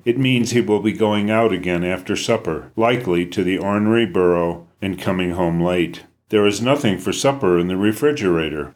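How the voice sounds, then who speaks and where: A man narrating a first-person story in a steady, measured reading. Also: fairly low pitch. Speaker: audiobook narrator.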